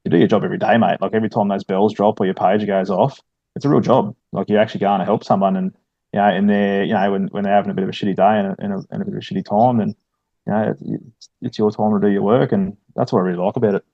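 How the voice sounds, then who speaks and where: As a guest on a casual podcast, this Aussie firefighter and army veteran in middle age talks in a relaxed way, padding his speech with fillers and plenty of "mate". He speaks rapid-fire in a fairly low, creaky voice with flat delivery, and the audio has no room sound and cut-off highs.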